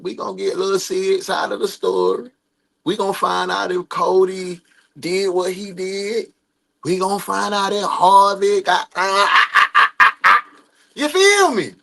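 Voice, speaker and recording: A man giving casual, animated reaction commentary to a video, laughing and slipping into the voices of the people in the story. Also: sits high, vocal fry.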